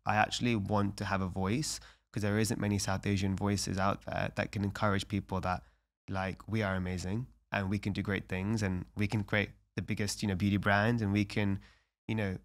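Earnest young man, low voice. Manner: earnest, reflective, heavy use of "like" fillers. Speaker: podcast guest. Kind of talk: casual podcast conversation.

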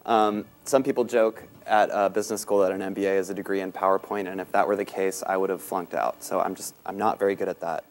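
Fast-talking man with Southern accent. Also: sits low, fairly even intonation. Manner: self-deprecating, quick, many ums. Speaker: panel speaker. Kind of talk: conference talk. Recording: talk recorded in a meeting room.

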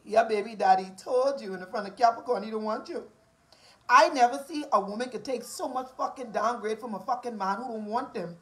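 High-voiced Bahamian woman, combative rant. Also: fairly quick, a bit bright, a little hiss or hum, rough recording. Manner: combative, profane, repetitive taunting. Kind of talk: angry rant to camera.

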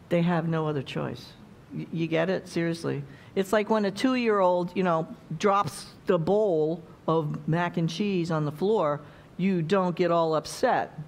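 A woman preaches a sermon conversationally, frequently checking in with the congregation by asking them questions. Her voice sits on the low side.

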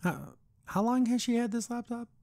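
A man hosting a podcast, recapping a cartoon episode in a rambling, animated way with mocking asides. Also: extremely high pitch, normal speed, no room sound, clean studio sound. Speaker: podcast host.

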